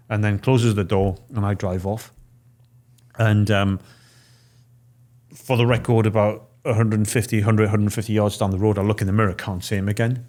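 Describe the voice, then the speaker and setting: Deep-ish voiced guy in his forties telling a story on a podcast, does the voices of the people in it. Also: fairly even intonation, a little fast, a little mellow. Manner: vivid storyteller, acting out quoted dialogue. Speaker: podcast guest. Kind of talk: storytelling in casual chat.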